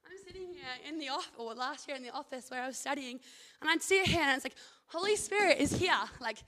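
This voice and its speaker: Speaking in quick, lively bursts, a high-pitched young woman shares a relaxed devotional talk as a student at a Christian university, clearly enthusiastic.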